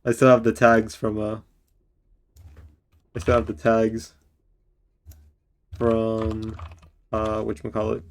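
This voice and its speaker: A man streaming a game live, joking and teasing a friend on voice chat, then reading the game's story text aloud in a slow, measured narrating voice. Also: on the low side, completely flat delivery.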